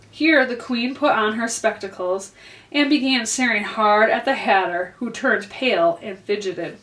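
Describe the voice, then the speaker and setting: Woman librarian, storytime read-aloud, slightly high voice, echoey room. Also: a little slow. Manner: clear, expressive read-aloud. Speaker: librarian reading to children. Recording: roomy echo.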